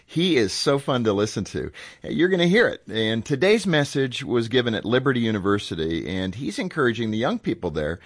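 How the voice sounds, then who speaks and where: A male radio host talks in a chatty, warm way, with a few fillers along the way. His middle-pitched voice moves up and down with lively expression. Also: brisk. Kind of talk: casual on-air introduction.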